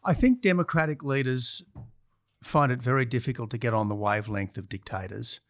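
A man in his sixties with an Australian accent, answering as a guest on a podcast interview, measured and listing points one by one. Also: mid-range voice, fairly bright tone. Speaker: interview guest, former head of government.

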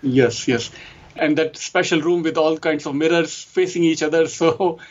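An Indian-accented man with a somewhat high voice, talking as a guest in a relaxed conversation. He chuckles often and says yes again and again. The recording sounds muffled and lo-fi. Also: moderate pace. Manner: frequent laughs and repeated yeses. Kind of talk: casual conversation.

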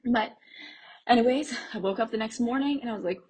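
A woman's voice: a little high, a little fast, a little mellow, low-quality recording. A young woman from Pennsylvania telling a casual travel story, chatty and full of "like", laughing between thoughts. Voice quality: very breathy, airy voice. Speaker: travel vlogger.

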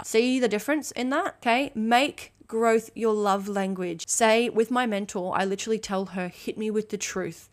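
A woman's voice: mid-range voice, normal speed, few pauses. A woman hosting a motivational podcast alone, talking emphatically and bluntly with frequent swearing and acting out quoted conversations. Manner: acts out quoted dialogue. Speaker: podcast host.

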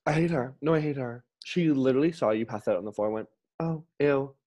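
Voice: mid-range voice, fast talker, a little mellow. A podcast host reacting to a guest's story in casual chat, dramatic and swearing, with joking exaggeration.

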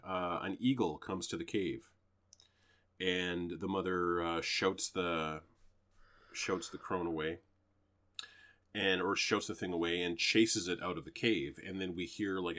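A man's voice: low voice, fairly bright tone. A man co-hosting a podcast, casually chatting and loosely retelling a movie plot with fillers and the odd swear. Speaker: podcast co-host. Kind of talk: casual chat reviewing movies.

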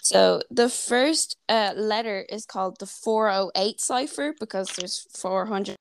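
A woman's voice: medium pitch, a little slow, slight background noise. A young Irish woman co-hosting a podcast over a call, chatty and laughing, sometimes tripping over words. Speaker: podcast co-host. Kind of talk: casual chat. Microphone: remote call.

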